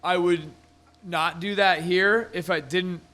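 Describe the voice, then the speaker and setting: A man with a fairly high, bright and forceful voice talks in a loose, rambling way, dropping swear words as he riffs. He is recorded live at a bar venue. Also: fairly even intonation, slow pace, soft background music. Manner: profane, rambling, riffing. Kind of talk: casual chat.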